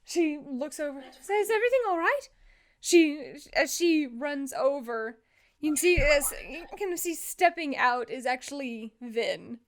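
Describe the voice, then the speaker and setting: A woman narrating as game master of a tabletop game, lively and quick. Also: high-pitched.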